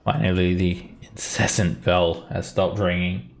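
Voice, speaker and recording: A man's voice: deep voice, steady tone, a little slow, soft background music. A man narrating a tabletop role-playing game as its dungeon master, with vivid descriptions.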